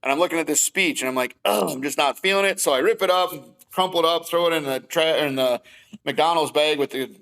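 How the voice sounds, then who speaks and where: A man's voice: on the high side, fairly quick, a bit bright, clear, resonant tone, rough recording. A middle-aged man, telling his story as a podcast guest and acting out both sides of each conversation. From Wisconsin. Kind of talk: casual storytelling.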